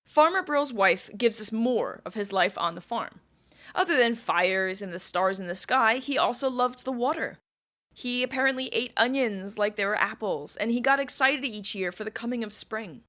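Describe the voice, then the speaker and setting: A woman's voice: fairly high pitch, expressive, normal speed, fairly bright tone. A woman podcast host telling a history story in a casual, chatty way with wry asides.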